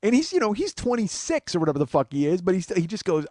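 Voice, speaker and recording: A man's voice: high-pitched, quick pace, few pauses, dry recording. 40s guy cussing through a funny story, voice jumps all over, dry close sound. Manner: profane, animated, acts out quotes. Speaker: comedian host. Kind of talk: comic storytelling monologue.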